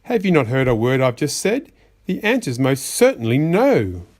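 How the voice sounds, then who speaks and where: A man's voice: medium pitch, very animated, moderate pace, darkish tone. A man voicing a fussy magician's white rabbit that scolds a child in rhyme, exasperated and sing-song. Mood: scolding. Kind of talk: rhyming storybook reading.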